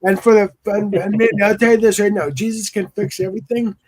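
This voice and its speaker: A man's voice: high voice, level tone, fast talker, darkish tone. A man on a casual live panel chat, candid and easygoing, swearing freely.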